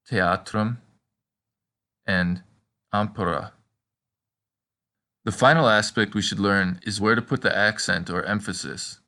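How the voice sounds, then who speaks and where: A man teaching in a measured instructional voice, slowly modeling example words. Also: on the low side, sharp tone. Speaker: language teacher. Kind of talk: instructional narration.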